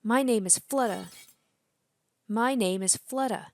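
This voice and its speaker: A woman's voice: fairly high pitch, unhurried, a little mellow, pitched above the performer's own voice. A woman reading aloud the lines of a possessive, imperious young princess girl from a game. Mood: indignant. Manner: bossy, indignant reading.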